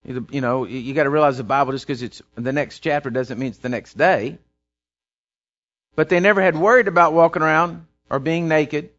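A man's voice: fairly high pitch, brisk, a bit bright. A man preaching a sermon, telling a story and building to emphatic, repeated phrases. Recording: dull lo-fi sound.

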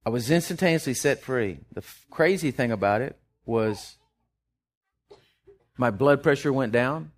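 A man preaching a sermon, impassioned, rising loud then dropping soft, often restarting his words. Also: medium pitch, expressive, a little slow.

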